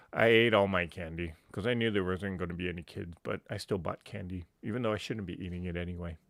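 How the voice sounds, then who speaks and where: A man's voice: fairly low pitch, fairly bright tone, no room sound, clean studio sound. A man hosting a casual livestream, chatty and laughing often as he greets viewers by name. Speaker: livestream host.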